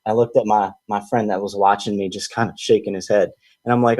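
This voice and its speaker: Animated storytelling man, dry sound. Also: a little fast, no room sound. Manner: animated, acts out quoted friends in higher voices. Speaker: podcast host. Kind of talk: casual storytelling.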